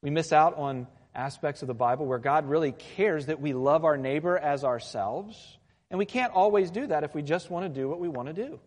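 A man's voice: on the high side, normal speed. Guy preaching a sunday sermon, chatty, keeps asking "right?", voice echoing through a big church hall. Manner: conversational, with frequent tag questions. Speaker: pastor.

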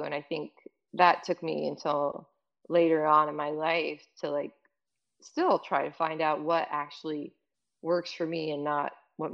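A woman's voice: low voice, creaky, dull audio. A middle-aged woman speaking candidly and emotionally in conversation, rambling with many fillers. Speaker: guest.

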